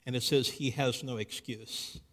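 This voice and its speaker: A man's voice: medium pitch, steady tone, moderate pace. A man giving a live Christian apologetics talk to an audience, telling a story and posing rhetorical questions. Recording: live hall recording with long reverb.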